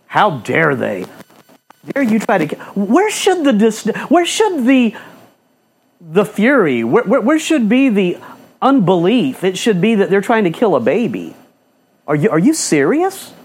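A man's voice: high voice, huge pitch swings, unhurried, husky. A male pastor preaching a fiery sermon in a church, firing off rhetorical questions and repeating phrases for emphasis.

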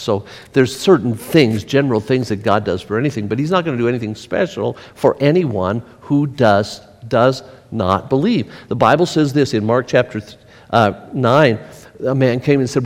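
A man preaching a sermon as pastor, animated, swinging from mocking mutters to loud exclamations. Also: mid-range voice, normal speed. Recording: reverberant hall.

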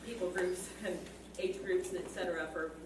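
A woman speaks up in a class discussion, hesitant and full of fillers. Her voice is very low, and she sounds far from the mic in an echoey room. Clear room noise sits behind her. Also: steady tone, moderate pace. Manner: hesitant, many fillers, laughs easily. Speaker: class participant. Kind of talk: comment in group discussion.

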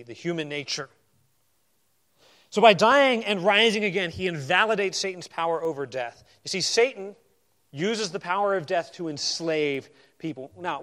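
A man preaching from the pulpit, his voice pitched a little higher than most men's. He builds verse by verse from softer asides up to emphatic declarations. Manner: expository, swings between emphatic and quiet asides. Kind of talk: sermon.

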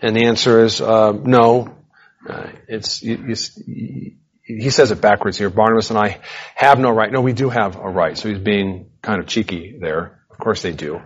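A man giving a verse-by-verse Bible teaching, animated and emphatic, with casual conversational asides. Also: fairly low pitch, normal speed, slightly rough, muffled recording.

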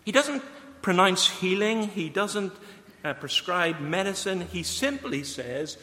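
A man's voice: sits high, animated, normal speed, fairly bright tone. A man preaching a sermon, earnestly putting questions straight to his listeners. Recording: long hall reverb.

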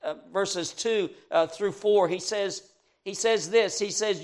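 A man with a notably high voice delivers a sermon. He talks earnestly, puts questions straight to his listeners, and moves between loud, pressing emphasis and soft, low asides. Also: slow pace. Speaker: preacher.

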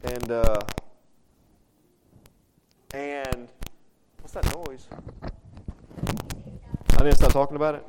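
A man preaching a sermon as pastor, animated, acting out quoted voices and swinging between loud and soft. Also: medium pitch, moderate pace, long pauses, noisy background.

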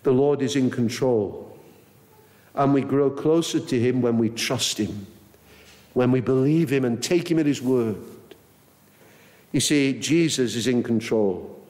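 A man's voice: mid-range voice, unhurried, pauses often, a little mellow. A man preaching an earnest, emphatic sermon and acting out the Bible quotes he tells. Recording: long reverb of a large hall.

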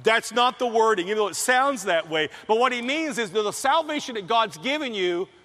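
A man's voice: high voice, animated, fairly quick, pushed and bright. A man preaching a sermon in an emphatic way, repeating key phrases and telling personal stories. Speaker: pastor. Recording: long reverb of a large hall.

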